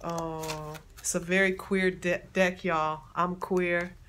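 Excited woman, slow and low. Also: rough recording. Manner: excited, laughing, addresses viewers as y'all. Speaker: playwright unboxing a project deck. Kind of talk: casual vlog talk. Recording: background noise.

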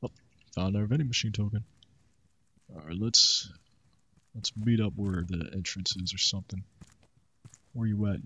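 A man's voice: on the low side, moderate pace, pauses often, sharp tone, breathy edge, no room sound. A man chatting casually while playing a survival game with friends, joking around. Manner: joking, easygoing banter. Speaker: gamer. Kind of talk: casual gaming chat.

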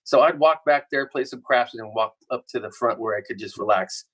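A man, a musician guest on a podcast, telling stories in a laid-back, relaxed way. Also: medium pitch, brisk. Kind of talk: casual chat.

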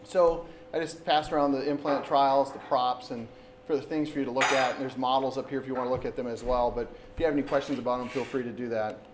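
A man in his thirties from Wisconsin, an orthopedic surgeon giving a relaxed public talk to an audience, speaking conversationally with lots of restarts. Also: medium pitch, quick pace, noisy background. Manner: conversational, with frequent restarts and "so basically". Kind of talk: informal public lecture. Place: meeting room with an audience. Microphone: camera recording in the room.

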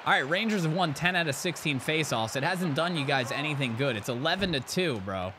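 A young man giving loud, excited commentary while playing a hockey video game, trash-talking and cheering. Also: fairly high pitch, fairly quick, background noise. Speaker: gaming channel host.

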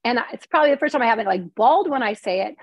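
A middle-aged woman with a fairly high, husky voice tells a personal story as an interview guest. She speaks candidly and with emotion, acting out the lines others said to her. The recording is dry and close. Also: lively intonation, rapid-fire, no echo. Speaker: interview guest, former TV reporter.

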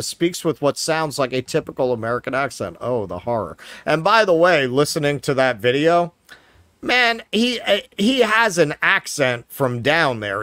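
A man's voice: medium pitch, fairly bright tone, no room sound. A man with a New York accent co-hosting a political commentary show, sarcastic and profane, reading news aloud with mocking asides. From Queens, New York. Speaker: podcast co-host.

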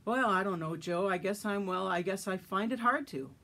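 A woman's voice: medium pitch, normal speed, pushed and bright. A woman reading a story aloud, voicing a reserved older brother cowboy who answers firmly. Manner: firm, clipped replies.

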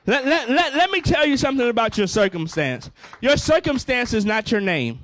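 A man's voice: extremely high pitch, sing-song, normal speed, hardly any pauses, a bit bright. A male pastor preaching a fervent sermon, repeating phrases and calling out to the congregation.

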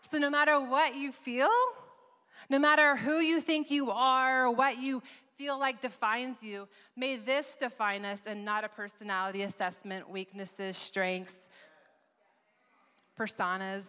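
A woman giving a sermon at a conference, telling a story with lively, acted-out asides. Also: fairly high pitch, unhurried, smooth. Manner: animated storytelling, acts out her own past voice. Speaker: conference speaker. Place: church auditorium. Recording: long reverb of a large hall.

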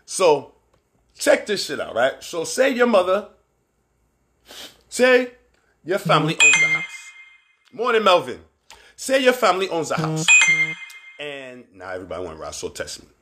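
A man with a Barbadian accent hosting a livestream show, talking candidly and with plenty of profanity, rambling between points and shouting out viewers by name. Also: fairly high pitch, wildly swooping pitch, normal speed, long pauses, heavy background noise. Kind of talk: casual live-stream commentary.

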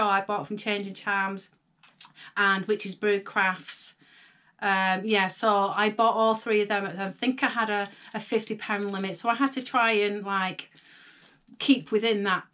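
A young woman with a Northern English accent, chatting excitedly to viewers as she unboxes jewellery. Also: fairly high pitch. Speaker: vlogger. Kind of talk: casual unboxing chat.

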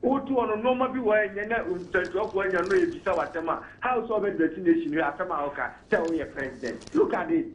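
A man's voice: high-pitched, expressive, moderate pace, hardly any pauses, echoey room, slight background noise, low-quality recording. A man with a Ghanaian accent calling in to a radio talk show, arguing emphatically and mixing Twi and English. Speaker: caller. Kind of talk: radio call-in commentary.

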